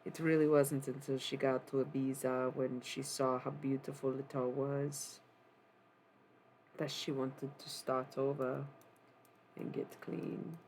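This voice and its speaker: A streamer talking casually on a live stream, rambling through asides to the chat and retelling a story. The voice is gravelly with vocal fry and stays flat in pitch. Faint background noise hangs under the voice. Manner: rambling, offhand asides to chat, quick bursts. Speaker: streamer and self-styled necromancer.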